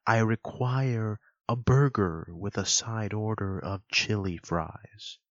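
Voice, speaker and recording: A man voicing a fast-food customer who talks in stilted, drawn-out, old-fashioned theatrical diction, on a dull lo-fi recording. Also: fairly low pitch, no echo. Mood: pleading. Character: fast-food customer ordering in mock-Shakespearean style.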